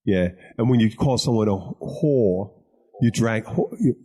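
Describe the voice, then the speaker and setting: A man from Philadelphia hosting a podcast, chatting casually, swearing freely and telling stories with lively energy. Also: on the low side, measured pace, slightly rough. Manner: swears freely, animated storytelling. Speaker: podcast host. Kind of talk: casual chat.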